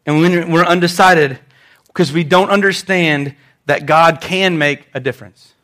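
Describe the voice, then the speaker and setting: A man's voice: on the high side, a little slow, fairly bright tone. A young man, a pastor, preaching a conversational sermon in church and telling stories with animation.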